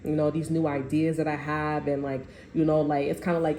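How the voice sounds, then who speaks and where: A woman reads tarot cards in a loose, rambling way, full of slang and acted-out quotes. Her voice sits low and mellow. The room around her is echoey, with a faint hiss behind. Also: little pitch movement, a little fast. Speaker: tarot reader. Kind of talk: casual spoken tarot reading.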